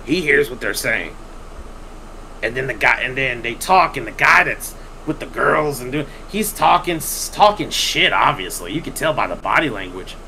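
A man's voice: medium pitch, moderate pace, a little hiss or hum, rough recording. A man hosting a podcast, telling a long story casually with lots of swearing and acting out what other people said. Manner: animated, profane, acts out quoted people.

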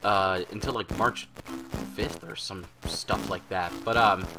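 A man casually commenting over his video game, rambling, playful and quick to swear. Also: low voice, creaky. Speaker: gaming channel host. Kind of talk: casual let's-play commentary. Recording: game music playing under voice. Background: video game music.

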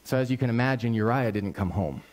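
A man preaching in a conversational, story-driven sermon style, with a middle-pitched voice. He sounds animated and earnest as he moves from the story to direct appeals to the listeners. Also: fast. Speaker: pastor.

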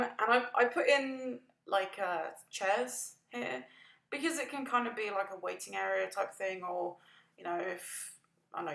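Narrating her build for a gaming video, this woman rambles casually, poking fun at herself and frequently laughing and yawning. She has a mid-range voice, pushed and bright with vocal fry, recorded in an echoey room.

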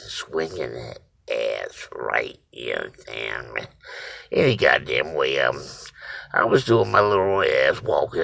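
Brief: middle-aged Cajun man, crude rambling vlogger, husky voice that swings up and down. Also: very deep voice, bright, forceful tone. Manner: profane, rambling, catchphrase-heavy storytelling. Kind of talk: comic storytelling to camera.

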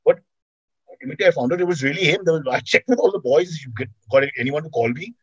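A middle-aged man with an Indian English accent telling animated comic stories in an interview. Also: a little high, quick pace, slightly rough, dry recording, lo-fi sound. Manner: animated storyteller, acts out quotes. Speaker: comedian and TV host, guest. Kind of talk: anecdotal interview chat.

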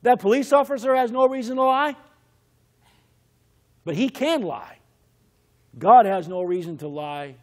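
A male pastor delivers a sermon in a fairly high voice. He tells stories with animation and slips into the voices of the people he quotes. When he invites listeners to pray, his tone turns earnest and pleading. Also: measured pace, long pauses. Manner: acts out quoted characters in lively storytelling.

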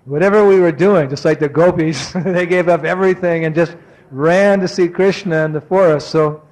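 A man giving a devotional lecture, telling a personal story with animation and acting out remembered exchanges, slowing and softening on reflective points. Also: on the high side, rough recording. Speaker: spiritual teacher giving a talk.

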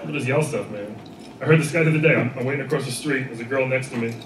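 A stand-up comedian performs for a live audience, animatedly impersonating people in loud, shouted put-on voices. He has a mid-range voice and a rapid-fire delivery. The echoey comedy venue, full of audience laughter, is recorded from far off with background noise.

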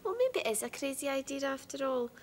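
A bright Glasgow schoolgirl. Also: high-pitched, fast, a little hiss or hum. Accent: Scottish. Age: young adult. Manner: lively, joking, self-mocking. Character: cheerful determined Glasgow teenage girl. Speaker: teenage girl in a family drama. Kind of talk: 1980s television drama acting.

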